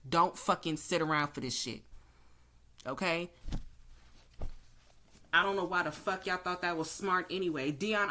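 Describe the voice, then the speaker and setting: Tarot reader, woman, lowish bright forceful voice, blunt profane ranting. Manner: blunt, heated, cussing freely.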